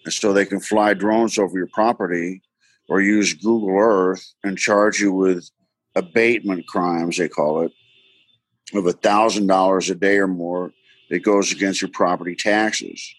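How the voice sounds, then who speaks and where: A man, a doctor from Mississippi, telling his story as a podcast guest in an earnest, halting way with many fillers. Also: deep voice, steady tone, breathy edge, dry recording. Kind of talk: conversational interview storytelling.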